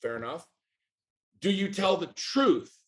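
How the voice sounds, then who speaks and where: A man's voice: high-pitched, very animated, takes it slowly. Intense, profane middle-aged man. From United States. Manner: intense, profane, preachy rhetorical questions. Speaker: podcast guest. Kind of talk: candid interview talk.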